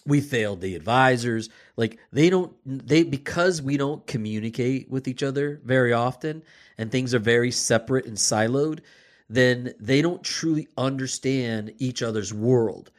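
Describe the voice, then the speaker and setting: A man's voice: mid-range voice, moderate pace. A man in casual conversation, reflecting on how his industry works and explaining it at length. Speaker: podcast host, automotive industry leader.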